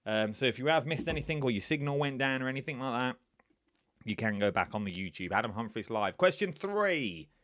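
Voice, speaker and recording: A man's voice: mid-range voice, fast, a bit bright, dry recording, clean studio sound. A man hosting a live-streamed quiz, talking to viewers in a chatty, rambling way with lots of asides. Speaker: quiz host.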